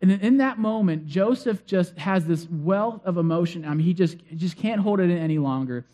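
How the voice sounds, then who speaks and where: A man's voice: high-pitched, fairly quick, mellow. A man preaching a sermon and retelling a story in a conversational way, acting out the figures' lines. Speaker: pastor.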